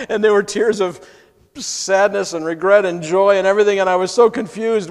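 Pastor guy, pretty high voice, heartfelt sermon story, hushed then loud, long church echo. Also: normal speed, vocal fry. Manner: heartfelt, swings from hushed to exclaiming. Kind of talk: sermon, emotional first-person story. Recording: long hall reverb.

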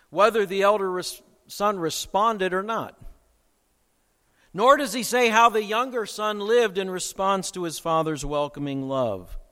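A man preaching a sermon with dramatic swings in loudness and pace. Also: sits high. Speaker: pastor. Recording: long hall reverb.

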